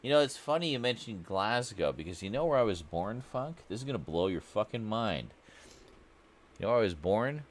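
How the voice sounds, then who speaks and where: A man's voice: lowish voice, very animated, normal speed. A man from Canada chatting casually on a stream, joking and mocking himself. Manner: joking, self-mocking, talks to absent chat. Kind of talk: casual live-stream chat.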